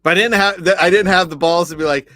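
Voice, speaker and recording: A man's voice: sits high, quick pace, sharp tone, no echo, soft background music. A middle-aged man co-hosting a podcast, meandering through anecdotes and restarting his sentences. His voice sits mid-range and sounds dry and close. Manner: rambling, storytelling with restarts. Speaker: podcast co-host. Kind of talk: casual podcast chat.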